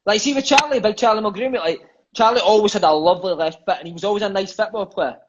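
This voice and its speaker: Swearing freely and sprinkling in "mate" and "eh," a lively former footballer from Scotland, in his thirties, trades stories in a relaxed conversation. He talks fast in a voice that sits high. The recording has its highs cut off and some background noise.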